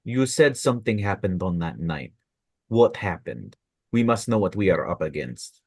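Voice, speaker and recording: Deep husky man playing his character. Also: very animated, no room sound, studio quality. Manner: measured, formal in-character speech. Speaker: player. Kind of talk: in-character tabletop role-play.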